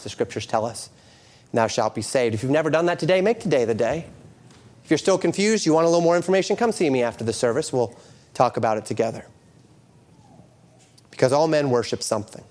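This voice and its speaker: A middle-aged male pastor delivers a sermon, shifting from quoted scripture into lively storytelling. His voice is medium in pitch.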